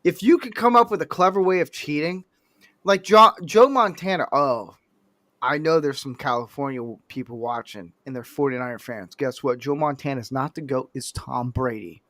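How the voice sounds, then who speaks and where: A man's voice: mid-range voice, normal speed, no room sound, clean studio sound. A man co-hosting a casual sports chat, telling stories and acting out what people said. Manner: animated storyteller, quotes people in put-on voices. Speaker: podcast co-host.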